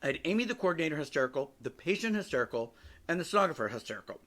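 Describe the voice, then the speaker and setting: A man's voice: a little high, very animated, rapid-fire, fairly bright tone. A man in his forties, a podcast host telling personal stories in a candid, wry way with casual swearing.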